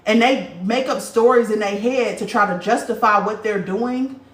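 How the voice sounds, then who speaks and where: Her voice sits fairly high and moves at a normal speed as she hosts a laid-back spiritual livestream, reading out comments from viewers. She's blunt, animated, and curses heavily. The recording is roomy and picked up from far off the mic.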